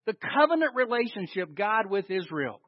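A man's voice: high voice, normal speed, no room sound. A man preaching a sermon, quizzing his listeners with questions and answering them himself. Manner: animated, asks the congregation questions and answers them. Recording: dull lo-fi recording.

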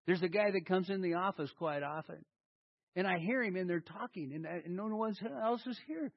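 A man's voice: high-pitched, moderate pace, dull audio. A man preaching a sermon, acting out his inner dialogue as he talks to his congregation. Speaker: pastor.

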